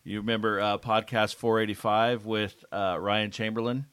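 A man's voice: lowish voice, level tone, moderate pace, a bit bright, smooth, dry recording. A man co-hosting a podcast, telling a funny anecdote in an easygoing casual chat. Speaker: podcast co-host.

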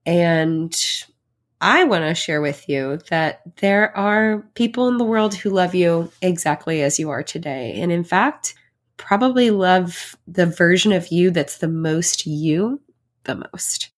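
A woman's voice: on the low side, lively intonation, unhurried. A pregnant woman hosting her own podcast, talking in a heartfelt, reflective way, chatty and full of fillers. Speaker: podcast host. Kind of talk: personal solo podcast.

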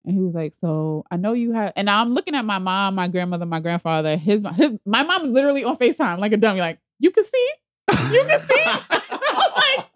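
A woman telling a story in casual podcast chat, slangy and animated, acting out other people's voices. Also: medium pitch, fast talker, hardly any pauses, no echo, studio quality. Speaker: guest telling her proposal story.

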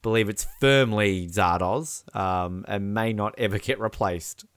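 A man's voice: lowish voice, a little slow, a bit bright, clear, resonant tone, dry recording. A man co-hosting a podcast in casual chat, rambling with fillers and laughs. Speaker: podcast co-host.

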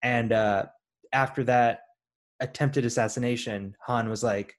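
A man in casual conversation, calmly laying out plot details and joking along. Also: medium pitch, a little slow. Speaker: podcast co-host discussing a film. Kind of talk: casual chat.

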